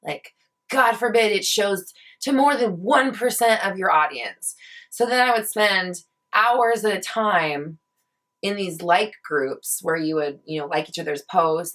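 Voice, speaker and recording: A woman's voice: deep voice, a bit bright. A young woman venting in a casual vlog, heated and swearing often as she rants. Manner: heated, swears a lot, ranting. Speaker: vlogger.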